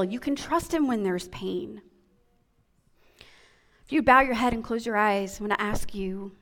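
A woman pastor preaching a sermon, animated, moving between quiet and loud passages. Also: a little high, big-room sound. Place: church sanctuary.

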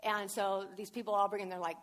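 A woman giving a sermon, telling a Bible story in an animated way that swings between hushed, tender passages and loud, excited ones. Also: medium pitch, quick pace. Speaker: preacher.

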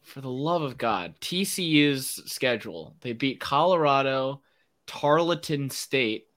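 Lively, bright-voiced opinionated man. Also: medium pitch, unhurried. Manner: opinionated, ranting, laughs often. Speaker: podcast host. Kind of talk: casual sports chat.

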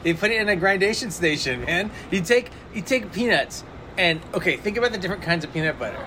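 A man's voice: sits high, lively intonation, fast, bright, forceful tone, a little hiss or hum. A man casually chatting as a podcast co-host, playful and argumentative, laughing often. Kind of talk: casual chat.

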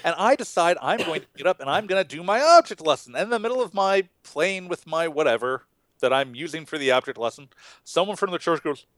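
Picture a man co-hosting a church podcast who talks high and animated, bouncing up and down in pitch as he acts out the people in the story. The sound is dry and close, with no room around it. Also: a little fast, no echo. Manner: animated, acts out voices with big swings in pitch. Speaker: pastor and podcast co-host. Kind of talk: animated Bible discussion.

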